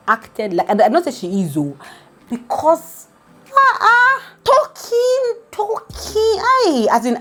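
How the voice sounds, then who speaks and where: A woman with a Nigerian English accent hosting a celebrity gossip channel, telling the story in a lively, dramatic way. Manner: animated and dramatic, jumping high in pitch as she reacts. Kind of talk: casual gossip commentary.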